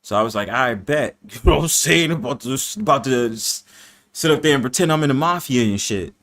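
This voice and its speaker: A man's voice: mid-range voice, expressive, fast, fairly bright tone. A man hosting a casual panel chat, boisterous and profane, laughing often and acting out the voices he quotes. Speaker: host of a live panel stream.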